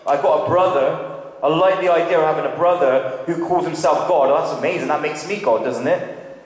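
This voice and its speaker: A man's voice: a little high, brisk. A man preaching a sermon in a church, talking conversationally and asking the congregation questions. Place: church hall. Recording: very echoey hall with long reverb.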